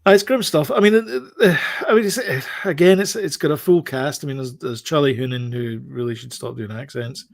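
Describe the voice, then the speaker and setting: A man's voice: mid-range voice, fairly quick, vocal fry, hardly any pauses, dry recording, clean studio sound. A man co-hosting a podcast, rambling and joking about films and TV. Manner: rambling, jokey, riffs on film trivia. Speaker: podcast co-host. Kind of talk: casual chat.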